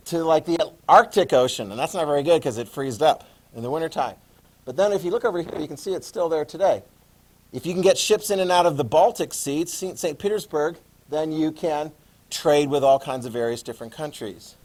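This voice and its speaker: A man in his fifties giving a classroom history lecture, lively and joking, acting out quotes. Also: fairly high pitch, a little fast. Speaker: history teacher.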